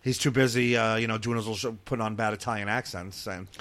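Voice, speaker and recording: A man's voice: fairly low pitch, fairly even intonation, fast talker, a bit bright, no room sound. Rambling New man, very dry sound. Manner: rambling, many fillers and restarts. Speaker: wrestling promotion governor. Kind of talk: casual podcast chat.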